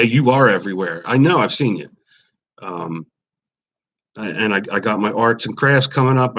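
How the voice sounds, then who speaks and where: A man's voice: on the low side, fairly bright tone. Rambling Philly-man live-streaming. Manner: friendly, rambling, greets chatters by name. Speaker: YouTube livestream host. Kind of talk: casual live-stream chat. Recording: slightly dull lo-fi stream audio.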